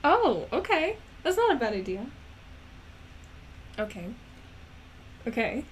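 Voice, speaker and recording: A young woman talks in an unhurried, casual way, her voice sitting a little high for a woman. She sounds giggly and self-conscious, fumbling and restarting as she works through her ideas, with a faint background hum behind her. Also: very animated. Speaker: creator practicing accents. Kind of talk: casual self-recorded chat.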